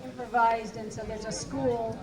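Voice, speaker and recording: A woman's voice: a little high, fairly even intonation, normal speed, far from the mic. A woman who is an actress and panel guest, talking playfully and teasingly on a live stage. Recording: roomy, off-mic, loud crowd.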